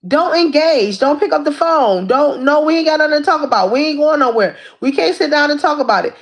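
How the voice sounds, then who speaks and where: High-voiced woman chatting on a livestream. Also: fairly quick. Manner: animated, repetitive storytelling with frequent asides. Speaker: livestream host. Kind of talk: casual recap of a reality show.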